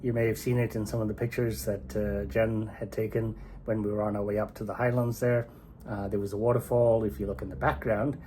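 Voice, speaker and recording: A man's voice: fairly low pitch, a little hiss or hum. A man telling a folk tale casually and with animation, chuckling and poking fun at himself. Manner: animated, chuckling, self-deprecating. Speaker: storyteller.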